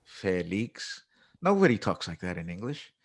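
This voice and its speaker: A man's voice: fairly low pitch, unhurried. A man who is an English teacher and musician, explaining his method in a conversational interview and acting out classroom phrases as he goes.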